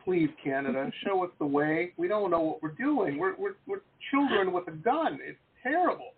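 Rambling, jokey male host from the US; slightly high voice over a thin video-call line with faint hiss. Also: very animated, moderate pace, narrow, tinny audio. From United States. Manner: chatty, rambling, joking. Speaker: interview host. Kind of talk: casual video interview.

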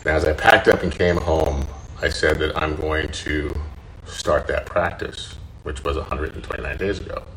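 A man hosting his own podcast, telling a personal story in an earnest, halting way, often repeating words as he goes. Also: rumbling low, fairly even intonation, a bit bright, a little hiss or hum, poor audio. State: choked up, tearful. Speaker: podcast host.

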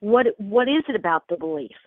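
A woman's voice: mid-range voice, brisk, no echo. A woman in her fifties from New York, a psychic and spiritual teacher talking casually as an interview guest, telling stories and acting out the voices of people she quotes. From New York, USA. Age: 50s. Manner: expressive storyteller, acts out quoted voices, laughs easily. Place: home recording studio. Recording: dry, tinny phone-like line.

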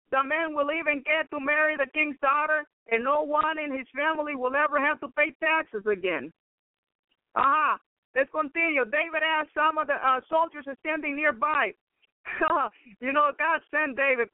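A man's voice: very high-pitched, no room sound. A man preaching, reading scripture aloud and breaking in with exclamations of praise and laughter. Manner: exclaims praise and laughs between read passages. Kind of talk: sermon reading and commenting on scripture. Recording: tinny phone-line radio broadcast.

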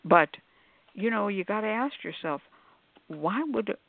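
A woman on a call-in show panel telling an animated story, acting out quotes and using many fillers. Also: medium pitch, unhurried, creaky, dry recording. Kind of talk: casual storytelling. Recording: tinny phone-like line.

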